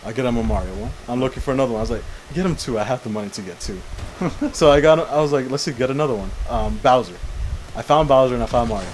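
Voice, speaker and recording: A man's voice: medium pitch, lively intonation, fast, a little hiss or hum, poor audio. A young man co-hosting a casual chat show, telling a long rambling story and often saying "how you call it". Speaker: podcast co-host.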